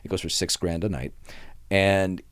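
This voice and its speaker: A man's voice: sits low, moderate pace, smooth, no echo, studio quality. A man hosting a podcast, telling workplace stories in casual chat and acting out the people in them. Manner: animated, acts out voices in his stories. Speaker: podcast host.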